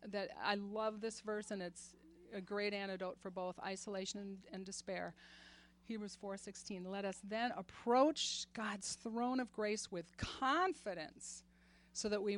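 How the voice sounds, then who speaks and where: Earnest woman in her sixties giving a faith talk. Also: medium pitch. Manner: earnest, laughs often, animated when retelling stories. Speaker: women's ministry speaker.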